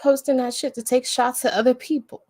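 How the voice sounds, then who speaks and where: A woman's voice: high-pitched, little pitch movement, brisk, a little mellow, no echo, studio quality. A woman hosting a live stream, talking bluntly and emphatically with heavy swearing in casual commentary. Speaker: livestream host.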